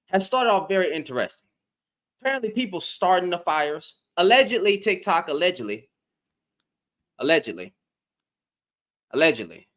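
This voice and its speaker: A livestream host with a fairly high, fairly bright voice talks directly to his chat in casual commentary. He repeats himself a lot and taunts his viewers.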